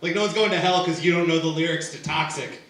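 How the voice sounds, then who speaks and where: A man's voice: a little high, fast talker, a bit bright, very echoey, recorded from a distance. A young man performing a stand-up comedy set, conversational and self-mocking, filler words all through. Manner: conversational, self-mocking, lots of "like" and "you know". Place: small comedy venue with live audience.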